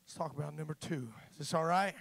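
A high-voiced male preacher, his tone gravelly and cutting. He swings between slow, hushed talk and loud, passionate shouting, with lots of "uh" between phrases. The sound is close and dry, with no room around it. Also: no room sound. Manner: swells from quiet, drawn-out talk into shouted, impassioned preaching; fills pauses with frequent "uh". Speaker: father. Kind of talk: sermon.

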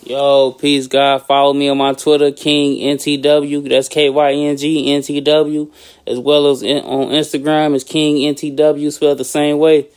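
Animated slangy man with higher voice. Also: moderate pace, clear, resonant tone. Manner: loud animated outbursts, slangy. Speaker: podcast co-host. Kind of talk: casual chat.

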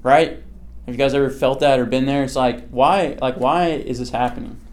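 A man's voice: mid-range voice, moderate pace, darkish tone. A young man gives a casual youth sermon in a chatty, everyday way. He keeps checking in with his listeners and asking them questions. His talk is full of "like" and "okay" as he teaches. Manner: conversational, quizzes the listeners, many "like" and "okay" fillers. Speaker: youth pastor.

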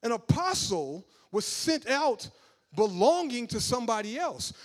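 A man preaching a sermon, talking casually with the congregation and building up to loud, emphatic passages. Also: very high voice, sing-song, unhurried.

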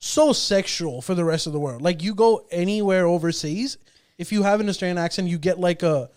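A man's voice: high-pitched, brisk, darkish tone, smooth. A man co-hosting a podcast, from Pakistan, chatting casually, rambling and swearing. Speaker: podcast host. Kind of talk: casual chat.

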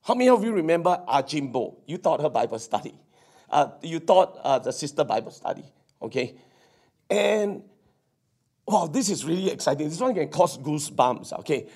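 A man preaching from the pulpit with a fairly high voice. He tells his story eagerly, stumbling over restarts and breaking into exclamations. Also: sing-song, moderate pace, a little mellow, husky. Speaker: pastor. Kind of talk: sermon.

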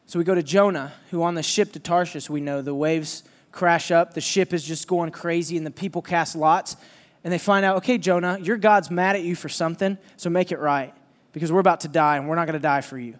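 Young male preacher, high voice, animated storytelling, hall echo. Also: fairly quick. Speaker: youth preacher. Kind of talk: storytelling sermon. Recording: hall reverb.

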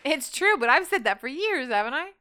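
A woman's voice: sits high, very animated, brisk, pushed and bright. A middle-aged woman co-hosting a podcast, chatting in an upbeat way and laughing often. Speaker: podcast co-host. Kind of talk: casual chat.

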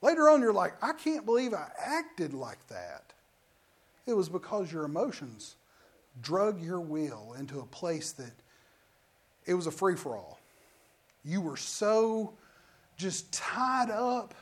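A man's voice: high-pitched, sing-song, slow, pauses often, husky. A middle-aged male pastor giving a sermon, telling personal stories and acting out the lines of each person in them with emphasis. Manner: storytelling with acted-out quotes, emphatic.

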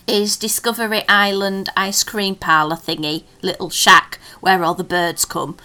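A woman's voice: mid-range voice, little pitch movement, a little slow, few pauses, bright, forceful tone. A woman co-hosting a podcast, chatting casually and enthusiastically about favourite snacks. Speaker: podcast co-host. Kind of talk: casual chat.

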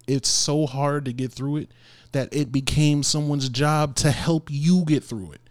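A man's voice: mid-range voice, a little mellow, no room sound. A man hosting a podcast and talking earnestly and encouragingly, often laughing between points and dropping casual slang. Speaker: podcast host. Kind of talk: motivational podcast monologue.

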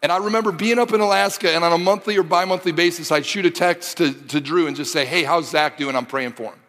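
A man preaching a sermon, telling a personal story with animated delivery that rises to shouting at the exciting moments. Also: a little high, quick pace. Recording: long hall reverb.

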